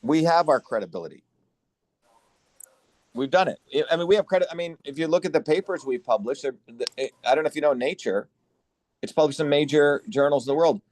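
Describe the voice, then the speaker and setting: A man hosting an online symposium, lecturing forcefully and bluntly over a video call, swearing for emphasis. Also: fairly high pitch, fairly quick, dry recording. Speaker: symposium host and educator.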